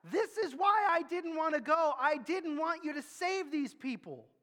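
A man voicing a resentful, exasperated male prophet who complains loudly. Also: very high-pitched, moderate pace. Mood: indignant. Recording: long hall reverb.

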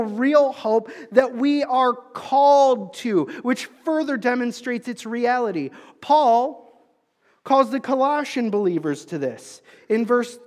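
Recorded with a long hall reverb, a pastor preaches to his congregation in a conversational way. He moves between emphatic calls and soft, low asides.

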